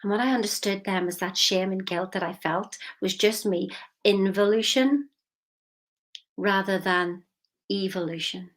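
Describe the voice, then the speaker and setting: Unhurried and medium in pitch, this woman gives a motivational talk as a coach. She chats through a story, puts questions to the listener, and lowers her voice to a whisper to stress a point.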